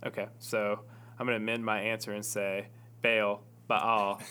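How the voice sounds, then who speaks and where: A man's voice: on the low side, flat delivery, fairly quick, a bit bright, clean tone. A man co-hosting a casual church-related chat, playful and joking.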